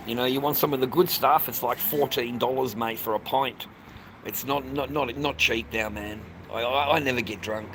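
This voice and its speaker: An Australian man live-streaming outdoors, chatting in a rambling way, swearing freely and calling everyone "mate". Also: medium pitch. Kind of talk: casual live-stream chat. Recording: noisy outdoor traffic.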